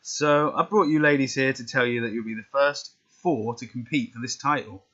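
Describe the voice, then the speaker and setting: A man's voice: mid-range voice, normal speed, fairly bright tone, pitched above the performer's own voice, natural voice. A man reading out the lines of a brash male wrestling authority figure, announcing in a plain voice. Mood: commanding. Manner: read aloud plainly, announcing. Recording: dull lo-fi recording.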